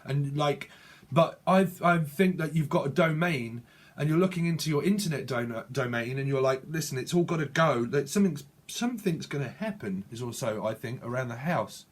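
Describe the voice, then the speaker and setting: A man's voice: medium pitch, expressive, normal speed. A man giving a channeled tarot reading in a rambling, repetitive way, often correcting himself mid-word. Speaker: tarot reader.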